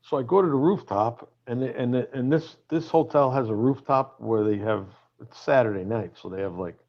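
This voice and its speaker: A touring male DJ telling a story in casual chat, animated and profane. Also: mid-range voice, normal speed, dull audio.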